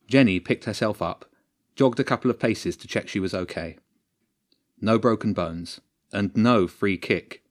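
A man reading a story aloud as narrator, at a measured, steady pace. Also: lowish voice. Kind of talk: audiobook narration.

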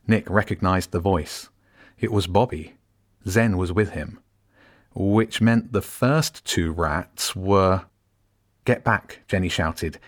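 Deep voiced guy reading a kids adventure book, calm steady pace. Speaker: narrator. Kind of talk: storybook narration.

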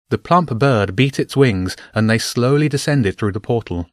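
A man narrating a children's adventure story aloud with an expressive reading. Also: fairly low pitch, moderate pace, no echo, clean studio sound.

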